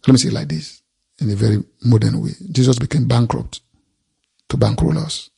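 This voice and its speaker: A man's voice: medium pitch, fairly quick, gravelly, warm tone, husky. A man preaching a sermon, reading scripture aloud and expounding it, repeating phrases for emphasis.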